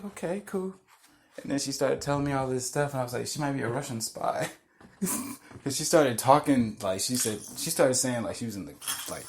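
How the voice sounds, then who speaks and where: Rambling, cursing young man with background noise. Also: medium pitch. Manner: loose storytelling, swearing, laughing at own stories. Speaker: podcast host. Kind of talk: casual rambling podcast chat.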